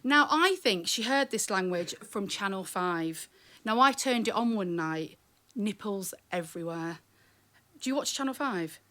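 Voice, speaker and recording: A woman's voice: mid-range voice, lively intonation, a little slow, a bit bright. A woman performing comic spoken-word storytelling live, wry and chatty, teasing the audience.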